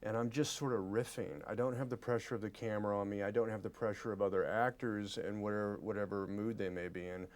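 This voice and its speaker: Earnest halting man in an interview. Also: lowish voice, fairly even intonation. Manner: halting, repeats words, earnest. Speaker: actor being interviewed. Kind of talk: press junket interview.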